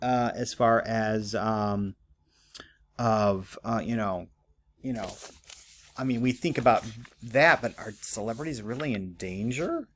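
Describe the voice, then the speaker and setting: A man's voice: fairly low pitch, slow pace. Man, writing teacher, casual classroom lecture, fillers, checks in with students. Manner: conversational, many fillers and "okay?" checks.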